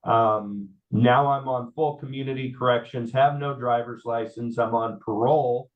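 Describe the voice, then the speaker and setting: A man, telling his life story in an interview, halting with many fillers and repeats. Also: medium pitch, fairly even intonation. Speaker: guest. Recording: slightly dull audio.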